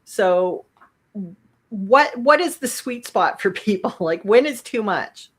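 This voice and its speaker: A woman's voice: mid-range voice, expressive, takes it slowly, husky. A woman hosting an interview over a video call, talking casually with many fillers and restarts. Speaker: podcast host. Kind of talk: conversational interview.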